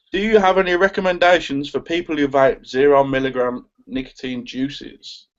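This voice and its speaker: A man with a West Midlands accent, reading out viewer questions in a casual live chat with a joking, cheeky manner. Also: medium pitch. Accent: West Midlands English. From West Midlands, England. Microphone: video call. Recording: dull lo-fi online call audio.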